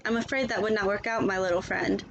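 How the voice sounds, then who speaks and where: A woman voicing a gentle, polite male Canada goose in a storybook read-aloud. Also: medium pitch, fairly even intonation, quick pace, dull audio, a little hiss or hum, close to an everyday voice. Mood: kindly. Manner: kindly, courteous.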